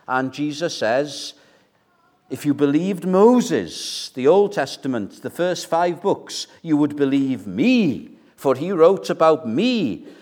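Older man, preacher from Wales, slow sermon delivery, emphatic with dramatic pauses. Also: a little high, very animated. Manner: emphatic, with dramatic pauses and sudden soft drops.

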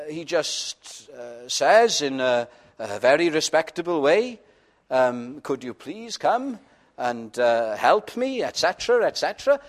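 A man preaching a sermon, earnest and pleading, often dropping to a quiet, intimate tone. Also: on the high side.

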